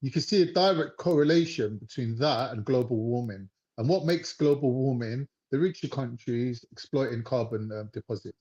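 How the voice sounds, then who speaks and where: A man with a warm, mellow voice challenges his opponent in a casual debate. He keeps asking questions and checks with "right?". The recording sounds a little dull and lo-fi. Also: medium pitch, moderate pace, few pauses. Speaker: debate partner on a podcast.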